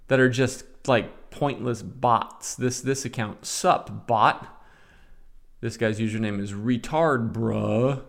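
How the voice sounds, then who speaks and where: A man's voice: fairly low pitch, lively intonation, measured pace, vocal fry. A man in his forties hosting a casual solo podcast, reading out comments and adding sarcastic commentary. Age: 40s. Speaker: podcast host.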